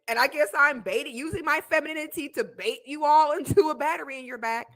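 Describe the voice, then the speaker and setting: A young woman with a high, bright, forceful voice sits on a debate panel reacting to a clip. She comments on the video heatedly and indignantly, hammering her points and repeating herself.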